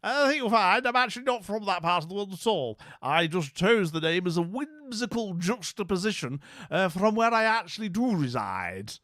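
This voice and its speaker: A man's voice: sits high, big pitch swings, moderate pace, fairly bright tone, dry recording, clean studio sound, pitched above the performer's own voice. A man voicing a pompous, male chat viewer with a lofty, mock-refined drawl. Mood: haughty.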